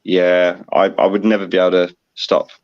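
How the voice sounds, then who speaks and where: A man's voice: low-pitched, level tone, normal speed, muffled recording. A man being interviewed in a casual chat, talking in a rambling, laid-back way. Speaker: guest.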